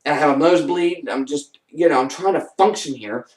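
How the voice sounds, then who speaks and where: A man rambles through a wild true story in a loose, lively vlog voice. He sits back from the mic, and the room rings around him. He keeps jumping into other people's voices along the way. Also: fairly quick. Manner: animated, rambling, acts out quoted voices with big pitch jumps. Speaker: vlogger. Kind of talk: casual first-person storytelling. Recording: roomy and distant from the mic.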